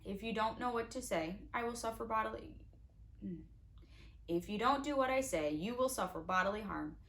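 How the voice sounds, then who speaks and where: A woman's voice: a little high, moderate pace, a bit bright. A woman doing a sneering male villain. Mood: menacing. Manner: mocking and threatening.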